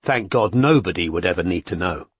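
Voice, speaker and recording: A man reading a crime novel as an audiobook narrator, in an even, measured way. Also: deep voice, husky, no room sound. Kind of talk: scripted narration.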